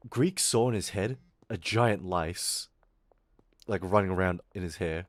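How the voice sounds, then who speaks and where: A young man streaming, telling a school story in a casual, animated, swearing way. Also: low-pitched, unhurried, no echo.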